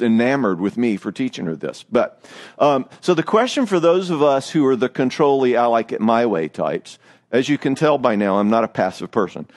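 A man, a therapist giving a lively, joking talk on marriage with some self-mockery. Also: medium pitch.

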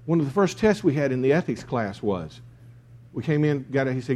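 A man's voice: medium pitch, expressive, brisk, darkish tone. A man preaching a sermon, emphatic, with key phrases repeated. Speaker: pastor.

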